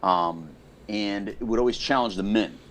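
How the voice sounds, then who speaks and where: A middle-aged American man co-hosting a casual podcast chat, telling stories in an animated way and acting out the people he quotes. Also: on the low side, measured pace. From United States. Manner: storytelling, animated, acts out quotes. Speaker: podcast co-host.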